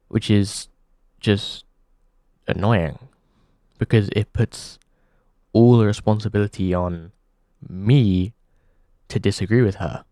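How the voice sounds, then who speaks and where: A man hosting a comedy show, delivering a halting deadpan monologue full of pauses. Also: on the low side, no echo, studio quality.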